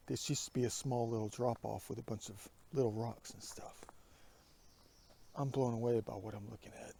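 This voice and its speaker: Gravelly man rambling on a hike. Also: medium pitch, steady tone, normal speed, warm tone, a little hiss or hum. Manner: rambling, often drops to a whisper. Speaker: vlogger. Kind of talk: outdoor hiking vlog. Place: outdoors on a wooded mountain road.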